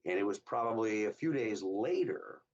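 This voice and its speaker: A fairly low-voiced man in his fifties from Southern California, a hot rod builder, speaks at a moderate pace as a guest in a casual interview. He tells animated stories and acts out the people he quotes in a raised voice. The recording sounds slightly distant, dull and lo-fi.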